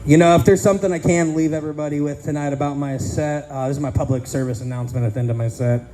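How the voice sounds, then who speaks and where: Brief: male stand-up comic, thirties, fairly high voice, crude self-mocking set, punchy timing. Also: steady tone, fast talker, mellow, a little hiss or hum, poor audio. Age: 30s. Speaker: stand-up comedian. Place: casino comedy stage.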